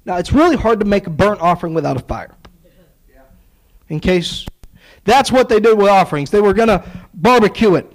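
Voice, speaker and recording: Man, preacher, sermon, high voice, storytelling with acted dialogue. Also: animated, a little fast, pauses often, rough recording. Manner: storytelling, acts out dialogue, sarcastic asides.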